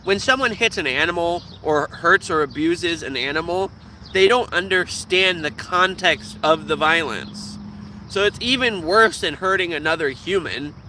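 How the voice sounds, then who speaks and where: A man ranting casually to camera as a vlogger, profane and animated, slipping into quoted voices. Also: a little high, moderate pace, a little hiss or hum.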